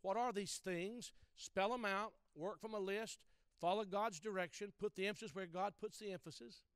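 Male preacher, high and resonant, teaching sermon, emphatic repetition, close dry mic. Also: normal speed, fairly bright tone, clear, resonant tone, no room sound. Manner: emphatic, repeats key phrases, addresses listeners directly.

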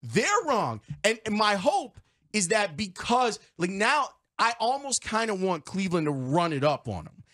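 Fired-up, high-voiced sports radio host. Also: male voice, very animated, measured pace, a bit bright. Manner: emphatic, repetitive, fired-up. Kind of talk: heated sports talk radio rant. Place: radio studio.

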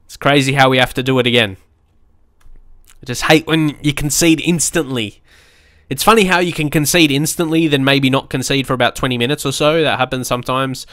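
A man giving excitable let's play commentary on a football management game, shouting at the screen and swearing now and then. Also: medium pitch, dry recording, studio quality. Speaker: gaming YouTuber.

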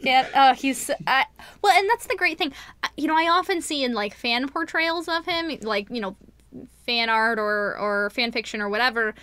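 Bright, high-voiced enthusiastic woman. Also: lively intonation, clear, resonant tone, no room sound. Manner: enthusiastic, laughs often, fast bursts. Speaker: podcast co-host. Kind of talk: casual chat.

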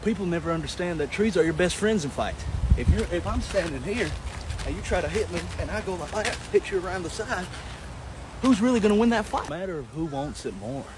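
A man's voice: sits high, animated, brisk, noisy background. A man, a comedian teasing a friend in broken English in a skit.

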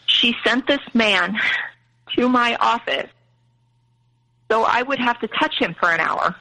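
A young woman tells a painful personal story in a candid, shaken way. Her voice is bright and forward, with a gravelly fry in it. She quotes others in her own voice rather than acting them out. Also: on the high side, animated, measured pace, rough recording. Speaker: guest telling her story.

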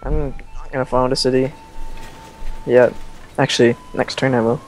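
A man's voice: medium pitch, fairly even intonation, moderate pace, a little mellow, faint music behind. A young man hosting a multiplayer strategy game session, rambling and joking in casual banter. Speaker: let's play host.

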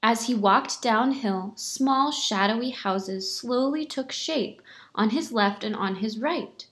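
A woman teacher reading a picture book aloud to her pupils, in a clear storytelling manner. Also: a little high, slow pace, fairly bright tone.

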